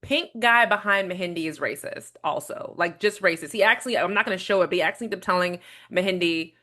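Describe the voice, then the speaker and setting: A woman's voice: on the low side, quick pace, bright, forceful tone. A woman reviewer giving a blunt, indignant reaction commentary on a debate clip. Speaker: video reviewer.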